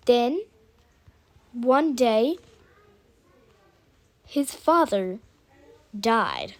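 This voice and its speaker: Halting improvising woman storyteller. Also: fairly high pitch. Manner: halting, with restarts and self-corrections.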